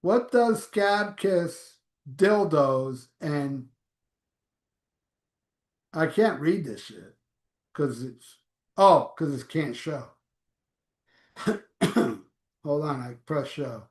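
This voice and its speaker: A man's voice: on the high side, lively intonation, very slow, long pauses, roomy sound. A man hosting a live stream, reading viewer comments aloud in a blunt, offhand, profane way. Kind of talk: casual live chat.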